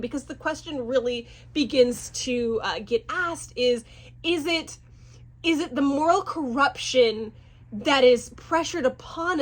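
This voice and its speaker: A woman giving a casual, animated reaction review, often restarting and stumbling over names. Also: high voice. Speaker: fantasy series reviewer.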